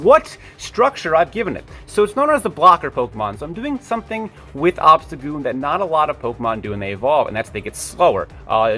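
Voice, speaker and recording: A man's voice: medium pitch, pushed and bright. A man talks casually to camera in a mid-range voice. He rambles and drifts into tangents. He stops to correct himself and swears now and then without much weight. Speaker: video creator.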